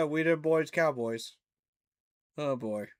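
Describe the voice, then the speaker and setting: A man's voice: fairly high pitch, takes it slowly. A man ranting casually about rankings as a fan channel host, incredulous, with laughing asides. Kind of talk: casual reaction commentary.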